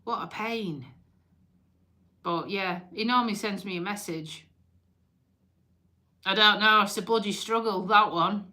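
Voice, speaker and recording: A woman's voice: medium pitch, a little slow, long pauses, bright, forceful tone. A woman hosting a casual live stream, chatting and joking with viewers, swearing freely and teasing them. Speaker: livestream host.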